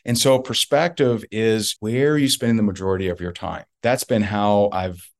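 Man, low voice, emphatic storyteller, repeats lines for effect, podcast guest. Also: fairly even intonation, moderate pace. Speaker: guest, network marketer.

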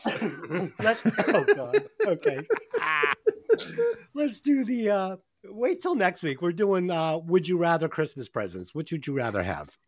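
A man hosting a casual podcast, animated and profane, laughing often as he banters. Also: high voice, a little slow. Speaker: podcast host.

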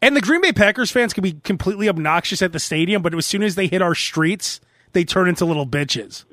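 A man's voice: sits high, animated, fast talker, a bit bright, no room sound. A man, hosting a podcast in casual comedy banter, joking and putting on mock voices. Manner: jokey, puts on mock drawls. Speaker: podcast host.

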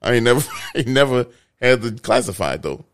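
A young man chatting casually as a co-host, loud and animated, laughing a lot and talking in slang. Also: mid-range voice, fast. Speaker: podcast co-host. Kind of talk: casual chat.

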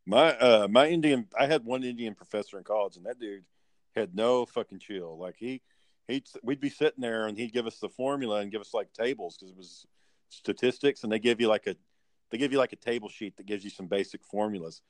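A man's voice: fairly low pitch, fairly quick, no echo. A man hosting a podcast in casual chat, a profane, rambling storyteller. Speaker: podcast host.

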